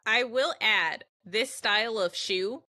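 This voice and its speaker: A young woman co-hosting a podcast, chatting casually about a TV episode and acting out lines with an animated manner. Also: medium pitch, slow pace. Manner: animated, laughing, acts out quotes. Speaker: podcast co-host. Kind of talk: casual chat recapping a TV episode.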